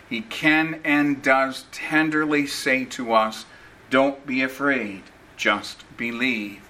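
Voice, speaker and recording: A man preaching a sermon in a slow, earnest, emphatic manner, repeating key phrases. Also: mid-range voice, bright, forceful tone, rough recording.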